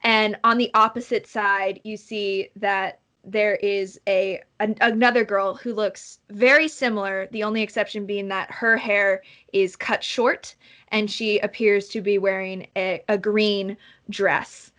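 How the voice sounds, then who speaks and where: A woman narrating a tabletop game as game master. She describes scenes at length and pauses often with fillers. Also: medium pitch, fairly even intonation, a bit bright.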